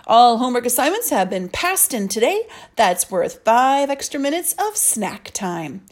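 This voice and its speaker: A woman's voice: on the high side, sing-song, a little slow, pitched above the performer's own voice. A woman plays a playful, upbeat male teacher in an audiobook. He announces things with enthusiasm.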